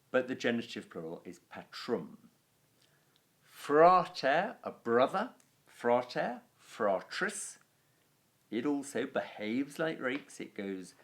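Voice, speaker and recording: Slow, animated male Latin teacher. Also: mid-range voice. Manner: explanatory, chanting word endings, dry asides. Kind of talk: spoken grammar lesson.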